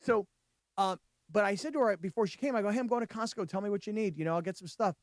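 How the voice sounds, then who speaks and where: A man hosting a sports radio show, telling stories in a chatty, animated way in a studio. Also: sits high, fast, dry recording. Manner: chatty storyteller, animated retelling. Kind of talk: casual sports radio banter.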